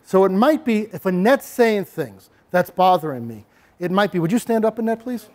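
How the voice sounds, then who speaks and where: A middle-aged man giving a presentation to parents on bullying, demonstrating calm, assertive speech to his audience. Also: high-pitched, moderate pace.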